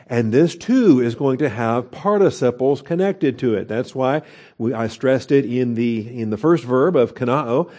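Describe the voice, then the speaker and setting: Man teaching a sermon, mellow voice. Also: mid-range voice. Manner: explanatory teaching, frequent "okay?" checks, filler restarts. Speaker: pastor teaching a Bible study. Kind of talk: expository sermon.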